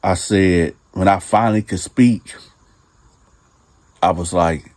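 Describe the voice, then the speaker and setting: A man's voice: low voice, slow, darkish tone. A man casually telling a true prison story in slangy, profane talk, calling his listeners "y'all.".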